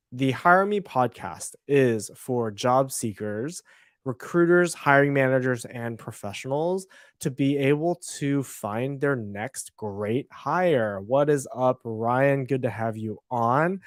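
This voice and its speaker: A man's voice: medium pitch, no echo, studio quality. A man co-hosting a live-stream podcast, chatting loosely and laughing often. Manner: loose, laughing, rambling with restarts. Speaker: podcast co-host. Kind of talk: casual live-stream chat.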